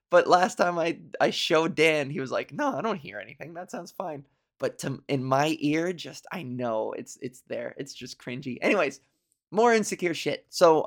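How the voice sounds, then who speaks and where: Animated, swearing woman podcast host. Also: low voice. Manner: animated, swearing, self-deprecating storyteller who acts out quotes. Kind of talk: casual solo podcast chat.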